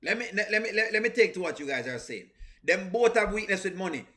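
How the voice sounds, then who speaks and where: A man's voice: high-pitched, big pitch swings, fast talker, bright, forceful tone. A man with a strong accent hosting a live reaction stream, commenting animatedly on skits, repeating points and greeting his chat. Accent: strong non-standard English accent. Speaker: reaction channel host.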